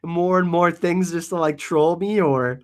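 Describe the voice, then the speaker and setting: A man hosting a casual live Q&A stream, reading the chat; excitable, laughing often and saying "like" a lot. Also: a little high, measured pace. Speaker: livestream host answering chat.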